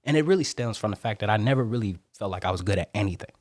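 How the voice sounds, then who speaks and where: A man, a Marine, telling stories as a guest on a podcast interview in an animated way. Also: fairly low pitch, dry recording, studio quality. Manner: animated, rapid storytelling.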